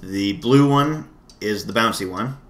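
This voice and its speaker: Man, podcast host, bright forceful voice, rambling casual chat with lots of restarts. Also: lowish voice, measured pace. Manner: rambling, laughing, restarts often.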